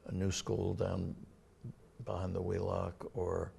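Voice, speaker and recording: An older man with a Massachusetts accent, a town administrator talking in a casual local TV interview, halting with many fillers and restarts. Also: low voice, completely flat delivery, gravelly, mellow, slight background noise.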